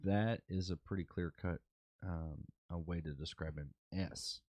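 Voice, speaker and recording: A man's voice: deep voice, fairly even intonation, measured pace, a little mellow, no room sound. A man co-hosting a sales podcast who talks bluntly, swears casually and cracks dry jokes. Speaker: podcast co-host.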